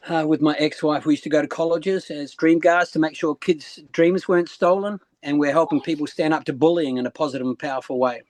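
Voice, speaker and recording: A man's voice: on the high side, brisk, few pauses. A man, a guest speaker, telling stories in a casual interview and acting out voices as he goes. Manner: animated, acts out voices, repeats phrases.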